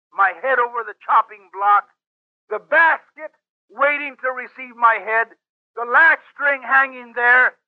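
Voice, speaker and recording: A man with a strikingly high voice tells his testimony in a sermon, emotional and pleading as he relives his prayers aloud. The recording is dull and lo-fi, close and dry with no room sound. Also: dry recording. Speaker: preacher giving a personal testimony. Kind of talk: dramatic spoken testimony.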